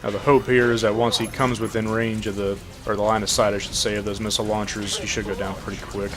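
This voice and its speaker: Laid-back low-voiced male gamer. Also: flat delivery, fast, music in the background. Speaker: gameplay commentator. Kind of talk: casual gameplay commentary.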